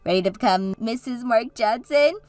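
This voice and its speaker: A woman's voice: fairly high pitch, moderate pace, darkish tone, no echo, close to an everyday voice. A woman voicing Katie, a bubbly and encouraging sister and maid of honor, in a scripted story drama. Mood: cheerful.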